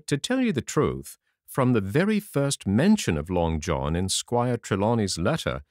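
A man narrating a classic adventure novel aloud in an expressive, lively storytelling manner. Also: mid-range voice, dry recording, clean studio sound. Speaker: audiobook narrator. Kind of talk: storybook reading.

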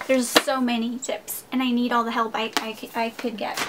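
Heavy background noise surrounds this young haul vlogger as she excitedly gushes to her viewers, addressing them as "you guys." Her voice is fairly high with little pitch movement, and her speed is normal.

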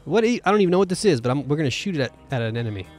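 Excitable man commenting on gameplay. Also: fairly high pitch, very fast, faint music behind. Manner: excitable, jokey, exclamatory. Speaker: video game host.

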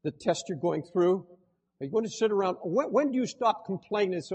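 A man's voice: high voice, animated, a little fast, darkish tone, breathy edge. An older man preaching a fervent sermon as pastor, speaking directly to his congregation. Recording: long hall reverb.

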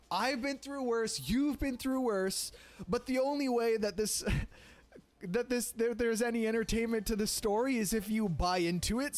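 A young man streamer telling a story casually, rambling and animated, with lots of "like" fillers and the odd swear. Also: sits high.

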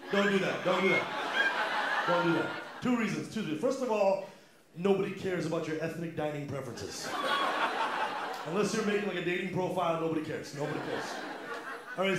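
A stand-up comedian, an American man, works a club crowd with a sarcastic, mock-serious delivery. His voice sits high for a man. The stage mic picks up a strongly echoing room with steady background noise. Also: moderate pace. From United States. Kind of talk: live stand-up comedy set. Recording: echoey club room with loud audience.

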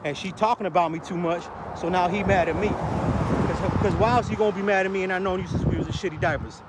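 A man's voice: high voice, fairly even intonation, fast. A man ranting in a casual street vlog, heavy on slang and profanity, recorded outdoors on a city street. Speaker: vlogger. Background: traffic and street noise.

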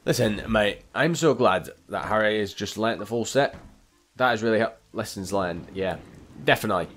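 A young man giving rambling, excitable commentary while playing a video game and talking to the characters on screen. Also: on the low side, brisk, slight background noise. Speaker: gameplay commentator. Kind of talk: casual let's-play commentary.

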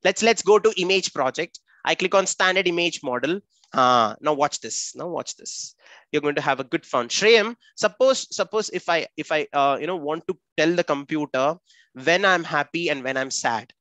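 A man's voice: fairly high pitch, animated, normal speed, fairly bright tone, no echo. A man with an Indian English accent teaching a live online coding class for children, upbeat and chatty, calling on students by name.

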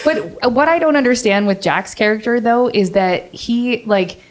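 Woman, podcast guest, lively casual rant, quick to laugh. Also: a little high. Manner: animated, laughs often, exasperated. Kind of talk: casual film discussion.

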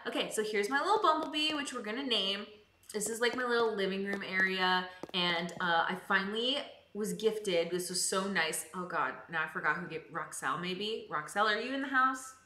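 A woman's voice: mid-range voice, pushed and bright. A young woman streaming a video game, chatting casually and giggling while she reads out viewer comments. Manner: bubbly, giggly, chatty with many fillers. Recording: roomy echo with background music.

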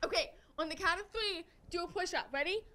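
Bubbly high-voiced young woman. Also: brisk, crowd noise. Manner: bubbly, directing the group. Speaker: student TV host. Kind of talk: giggly group challenge chat.

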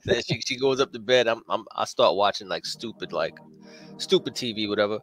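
A man's voice: fairly low pitch, fairly even intonation, normal speed, fairly bright tone, faint music behind. A middle-aged man, co-host of a comic-art livestream, telling a rambling story in casual slang with lots of filler words.

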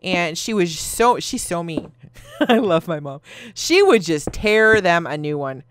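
A woman's voice: fairly low pitch, big pitch swings, measured pace, a little hiss or hum. A woman in her thirties, a gaming video host, chatting casually and telling rambling stories while she plays, laughing often. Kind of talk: casual chat while playing a game.

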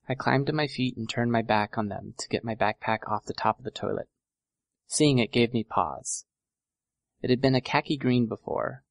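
A man narrating a first-person audiobook in a steady, measured reading. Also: on the low side, creaky, no room sound.

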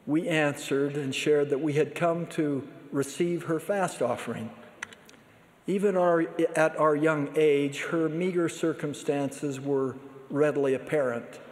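A man delivers a sermon at a large conference, his voice sitting a little high for a man. He speaks in a measured, earnest way. The sound rings with the long reverb of a big hall. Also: darkish tone. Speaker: church leader giving a conference address.

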